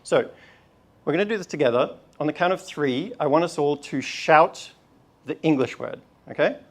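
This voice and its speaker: A man giving a lively talk at a university event, stirring the audience to chant along with him. His voice is gravelly and his delivery casual, full of fillers and quick asides. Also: fairly high pitch. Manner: energetic, leads audience in call and response, casual fillers. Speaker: research slam presenter. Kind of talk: live public talk leading audience chants.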